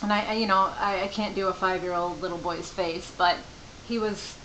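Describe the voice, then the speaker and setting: A woman's voice: on the low side, steady tone, moderate pace, sharp tone. A middle-aged woman, a mother, telling a rambling, chatty story to camera from home with many asides. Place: home room. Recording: echoey room with faint hiss.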